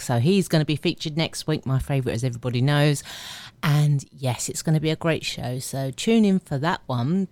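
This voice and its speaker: A woman's voice: low-pitched, darkish tone, dry recording. A woman hosting a weekly radio music show, chatting casually and rambling as she introduces songs. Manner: chatty, rambling, self-correcting. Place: radio studio. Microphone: studio microphone.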